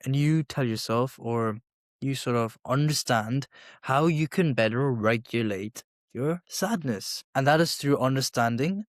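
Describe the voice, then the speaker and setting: A man's voice: mid-range voice, dry recording, clean studio sound. A man hosting a solo podcast, explaining step by step and repeating his points with everyday examples. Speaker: podcast host.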